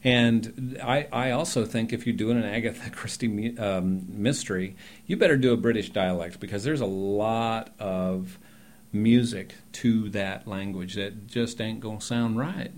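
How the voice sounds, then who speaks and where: A man's voice: lowish voice, unhurried. A man, an acting teacher talking in a chatty, rambling way with emphatic bursts during a podcast conversation.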